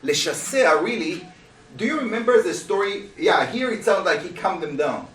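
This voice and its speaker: A male rabbi leads a Torah class at a moderate pace, challenging his students with animated rhetorical questions. His high voice jumps around in pitch. He's captured from a distance in a roomy space, with room echo around him.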